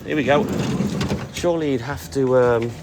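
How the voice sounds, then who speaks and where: A man's voice: mid-range voice, normal speed, heavy background noise. A man chatting casually and bantering with viewers on a live stream from his delivery van, swearing now and then. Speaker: milkman streamer. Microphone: phone live stream. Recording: music playing clearly behind.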